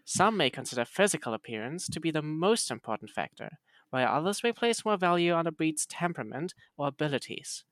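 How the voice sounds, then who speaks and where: A man's voice: a little high, sing-song, fairly quick, fairly bright tone, dry recording. A man, a podcast host chatting casually and playfully reading text aloud.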